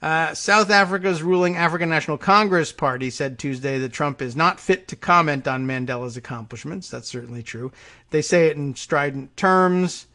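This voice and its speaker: A man's voice: fairly high pitch, normal speed, sharp tone. Sarcastic man reading news with asides. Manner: sarcastic, laughing, many fillers and asides. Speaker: political podcast host. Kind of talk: casual commentary reading news aloud.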